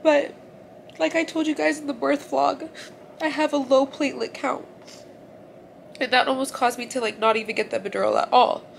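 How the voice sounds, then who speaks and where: Young woman, vlogger, crying and sore after surgery; rambling, high, gravelly voice; phone close up in a hospital room. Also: fairly even intonation, moderate pace, long pauses, slight background noise. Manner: tearful, rambling, says "like" often. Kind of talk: emotional personal vlog.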